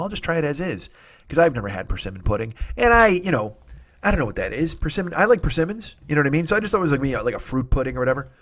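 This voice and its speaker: Male comic host, forties, swears a lot, excitable solo storyteller. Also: mid-range voice. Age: 40s. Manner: profane, excitable, self-interrupting. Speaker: comedian podcast host. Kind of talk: rambling comedic monologue.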